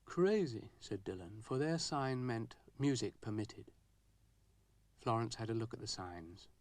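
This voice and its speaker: A man narrating a children's cartoon story in a gentle, wry storybook manner. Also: fairly low pitch, animated, measured pace, no room sound.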